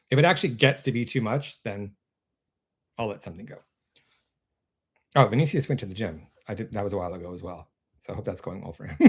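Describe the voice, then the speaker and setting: A man hosting a casual live stream from his computer, rambling and interrupting himself, laughing often, with his voice going a bit hoarse. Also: medium pitch. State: losing his voice. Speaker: actor and web series creator hosting a live stream.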